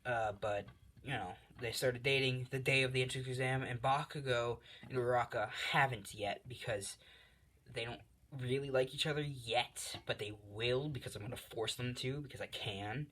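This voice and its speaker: A man's voice: medium pitch, fairly even intonation, moderate pace, a bit bright. A young man casually making up a fan story as he goes, rambling with lots of fillers and the odd swear word.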